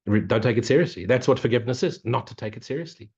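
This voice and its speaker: Husky blunt spiritual teacher, man. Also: mid-range voice, lively intonation, fast talker, hardly any pauses, a little mellow, dull audio. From Africa. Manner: blunt, swearing, mocking; repetitive, preachy. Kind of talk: non-dual Q&A talk.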